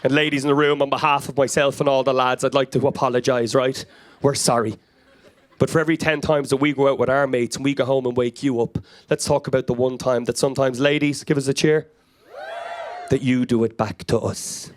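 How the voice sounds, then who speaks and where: A man's voice: mid-range voice, steady tone, fairly quick. An Irish man in his thirties performing a frenetic, anecdotal stand-up comedy set to a live crowd. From Ireland. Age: 30s. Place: comedy club stage before a live audience.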